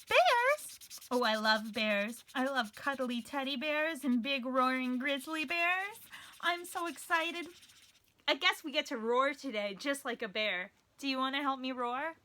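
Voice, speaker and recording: A woman's voice: high-pitched, unhurried, bright, forceful tone. A woman librarian hosting a children's story time, speaking in a cheerful, playful way straight to young kids.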